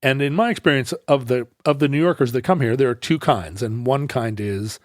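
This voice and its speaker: A man's voice: mid-range voice, a little fast, hardly any pauses, no room sound, clean studio sound. A man co-hosting a podcast, telling rambling stories in casual chat with many restarts. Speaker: podcast co-host.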